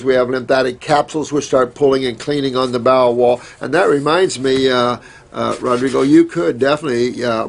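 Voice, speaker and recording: A man's voice: medium pitch, creaky. A man hosting a question-and-answer show, giving casual, rambling advice with many fillers and restarts.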